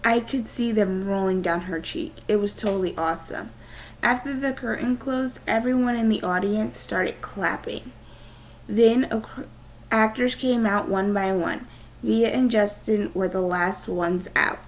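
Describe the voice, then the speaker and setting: A woman's voice: medium pitch, measured pace, a little hiss or hum, poor audio. A woman teacher with a cold reading a novel aloud to her class, with small stumbles. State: has a cold.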